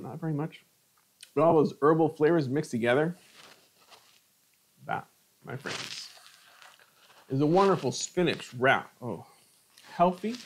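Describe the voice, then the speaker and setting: Brief: middle-aged male cooking host, chatty, mid-pitched, tastes and comments on food on a live stream. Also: creaky. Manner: chatty, savoring food between remarks.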